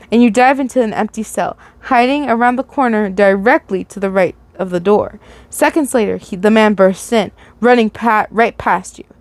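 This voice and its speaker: A woman's voice: medium pitch, no room sound. A woman reading fan fiction aloud in a casual way, stumbling and restarting words now and then. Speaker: fanfiction reader.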